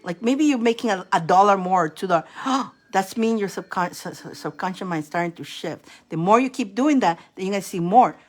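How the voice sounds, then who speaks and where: A woman's voice: medium pitch, lively intonation, fairly quick, hardly any pauses. A woman reading tarot cards on a live stream, chatty and encouraging. She laughs often and repeats mantras aloud. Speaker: tarot card reader.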